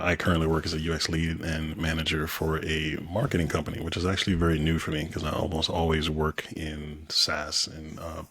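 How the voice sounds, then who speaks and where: A very deep, husky man, joking dryly as a podcast guest. The sound is close and dry. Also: a bit bright, no echo. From Louisiana, USA. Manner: wry, joking. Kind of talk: casual chat.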